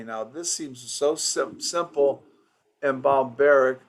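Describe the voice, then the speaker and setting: A man running a loose training session for office staff over a recorded call. He talks in a rambling way, restarting sentences and slipping into quick impressions of patients. His voice sits at an ordinary middle pitch. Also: fairly even intonation. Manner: rambling, with many restarts and acted-out patient quotes.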